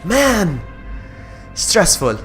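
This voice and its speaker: Excitable man muttering over game music. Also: sits high, very slow. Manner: talks to himself, swings from muttering to yelling in frustration. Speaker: streamer playing a horror game. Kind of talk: casual gameplay commentary.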